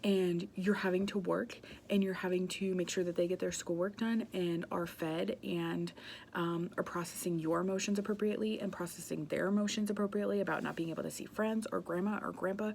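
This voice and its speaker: Earnest woman with a gravelly, lowish voice. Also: steady tone, a little fast, a little mellow, slight background noise. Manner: passionate, conversational, many "um" and "like" fillers. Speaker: speaker on emotional wellbeing. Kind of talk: earnest spoken talk.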